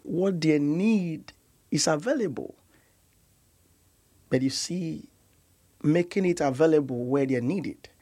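A man's voice: on the high side, takes it slowly, pauses often, warm tone. Earnest Nigerian doctor telling his story. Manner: earnest, emotional, repeats words as he searches. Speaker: guest doctor. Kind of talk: personal storytelling in an interview.

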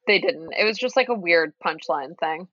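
Lively woman guest on a dull dry line. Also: fairly low pitch, moderate pace, no room sound. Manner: animated, laughs often, agrees readily. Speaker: podcast guest and co-host. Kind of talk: casual chat.

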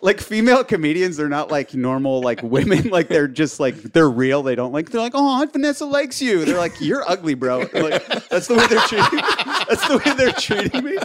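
A man's voice: fairly high pitch, normal speed, hardly any pauses. A man co-hosting a podcast, telling a long story in casual chat and often laughing as he goes. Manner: animated, laughs through his own story. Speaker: podcast co-host.

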